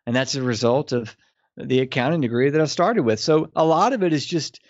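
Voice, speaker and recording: A man's voice: medium pitch, a little fast, no echo. Rambling storytelling male interview guest. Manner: rambling with many restarts, storytelling. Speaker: guest, business consultant. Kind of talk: conversational interview. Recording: dull, lo-fi sound.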